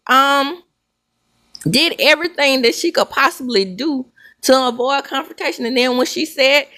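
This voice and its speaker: A middle-aged woman with a Southern accent gives sassy commentary at an unhurried pace. Her voice sits a little high, and she stretches words out for emphasis. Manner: sassy, animated storytelling with drawn-out emphasis. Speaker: host. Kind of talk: casual commentary.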